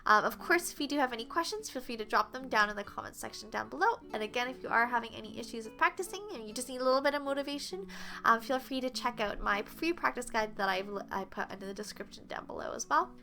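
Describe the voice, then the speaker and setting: A woman's voice: fairly high pitch, expressive, fast, creaky, bright, forceful tone. A woman teaching a flute lesson, explaining patiently step by step and counting beats aloud. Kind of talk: online music lesson.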